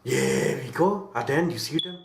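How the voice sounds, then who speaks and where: A young man chatting casually in a vlog, slangy and excitable, sneezing between lines. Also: medium pitch, moderate pace, gravelly, roomy sound, slight background noise. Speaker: YouTuber.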